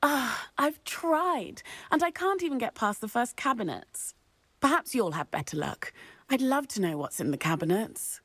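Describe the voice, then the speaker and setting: A woman's voice: a little high, expressive, moderate pace, fairly bright tone, no echo. An eager schoolgirl. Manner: chatty and eager, sharing rumours. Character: cheerful young female student at a magic school. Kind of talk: video game dialogue.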